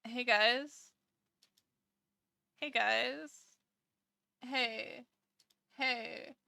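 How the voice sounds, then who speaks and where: Woman VTuber, bright tone, unhurried sleepy rambling chat to viewers. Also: fairly high pitch, fairly even intonation, gravelly, no room sound, studio quality. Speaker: VTuber streamer. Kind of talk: casual live-stream chat.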